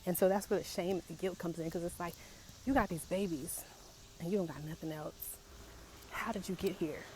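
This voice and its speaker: A young woman with a fairly low voice talks through hard feelings in a raw confessional vlog. She speaks in a halting, emotional way and often circles back to repeat herself. Faint insect sounds drift in from outdoors behind her. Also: steady tone, warm tone, a little hiss or hum. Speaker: vlogger.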